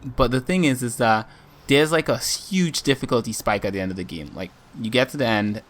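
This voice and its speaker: A man's voice: medium pitch, brisk, a bit bright. A man co-hosting a casual gaming podcast, chatting in a rambling way with lots of ums. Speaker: podcast co-host.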